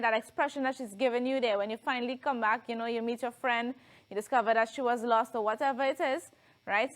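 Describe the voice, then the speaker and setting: A woman's voice: fairly high pitch, fairly bright tone. Trinidadian woman teaching a lesson. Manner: explanatory, asks frequent "right?" checks. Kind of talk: televised classroom lesson.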